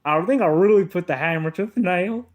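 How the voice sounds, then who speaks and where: A man hamming up a Texas drawl, pitched higher than his own voice and pushed louder. The delivery is playful and drawn-out, full of asides. It is spoken from a couch in a lounge. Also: lightly acted. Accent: attempted Texas. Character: young man putting on a loud Texas drawl.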